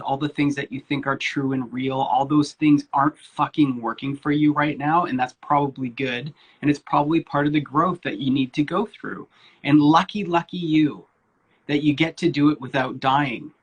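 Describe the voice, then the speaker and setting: A husky-voiced man in his forties tells his life story in a loose, candid way. He talks informally, pauses on fillers and swears without fuss. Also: medium pitch, fairly bright tone. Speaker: guest speaker, spiritual coach.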